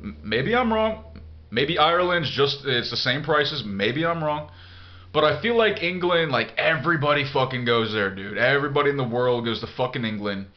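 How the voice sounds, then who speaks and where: A man's voice: mid-range voice, lively intonation, normal speed, dull audio. A man in a casual vlog monologue answering a viewer email, blunt and profane, rambling with lots of fillers. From United States. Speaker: vlogger.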